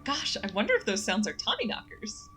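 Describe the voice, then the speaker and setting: A woman putting on an upbeat young ghost-hunter girl from a game, her voice bouncing high and low as she gushes over haunted mines. She sounds gleeful and chipper, with faint music beneath. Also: huge pitch swings, fairly quick, fairly bright tone. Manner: chipper, gleeful about spooky things.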